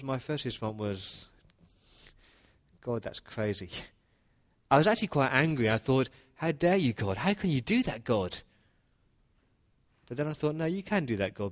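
A man's voice: mid-range voice, close to an everyday voice. A man preaching as Noah, telling the flood story in the first person with earnest, conversational feeling. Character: Noah, humble earnest older man, male. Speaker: pastor. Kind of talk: dramatic first-person retelling in a sermon.

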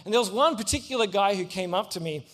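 Animated high-voiced man preaching. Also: fast. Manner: animated, acts out voices in anecdotes. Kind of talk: storytelling sermon.

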